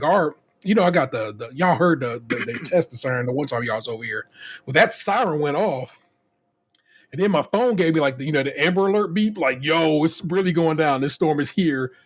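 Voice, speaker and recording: A man's voice: fairly high pitch, husky. A man co-hosting a casual podcast, ranting profanely with many restarts and acting out other people in quotes. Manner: animated, voices others in quotes. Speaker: podcast co-host.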